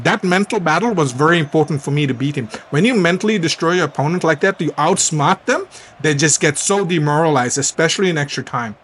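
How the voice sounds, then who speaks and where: A man giving an animated voice-over commentary on his own football video game match, breaking into excited shouts at the big plays. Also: a little high, a little hiss or hum. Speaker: gaming YouTuber.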